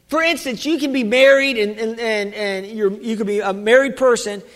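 A man preaches a sermon in a church, his voice set very high for a man. He halts and restarts often, then rises to shouts. A long reverb from the large hall trails behind every phrase. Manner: halting preacher, many restarts, rising to shouts. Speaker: pastor.

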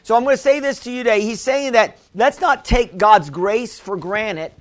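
A man's voice: extremely high pitch, moderate pace. A male pastor preaching a sermon, calling on the congregation for amens and repeating phrases for emphasis. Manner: preaching with call-and-response, asking for amens.

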